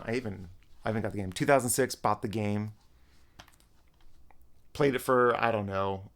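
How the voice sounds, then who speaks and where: A man's voice: mid-range voice, fairly bright tone. A man in casual, rambling talk about the games he is playing, often restarting his sentences. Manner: rambling, self-correcting, frequent restarts. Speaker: gaming vlogger. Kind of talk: casual gaming commentary.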